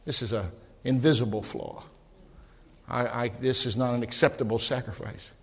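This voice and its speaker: A man's voice: mid-range voice, steady tone, moderate pace, creaky, a bit bright, pitched below the performer's own voice. A man voicing a smug, greedy temple preacher who stammers pompously, with long hall reverb.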